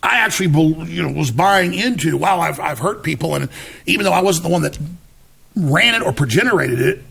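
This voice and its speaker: A man's voice: on the high side, animated, fairly quick, creaky, fairly bright tone, husky. A man as an interview guest, telling his story emphatically, restarting words and acting out what others said. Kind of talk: animated storytelling in conversation.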